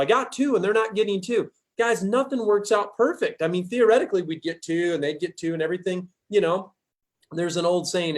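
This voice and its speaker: High-pitched, peppy man pep-talking his team. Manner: energetic, folksy, pumps up listeners with "guys". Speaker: team leader hosting a sales training call. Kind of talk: motivational pep talk.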